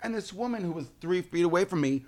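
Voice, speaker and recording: A man co-hosting a podcast, telling a small everyday gripe with hesitation. His pitch swoops widely and climbs when he is indignant. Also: lively intonation, quick pace, warm tone. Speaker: podcast co-host. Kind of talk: casual chat.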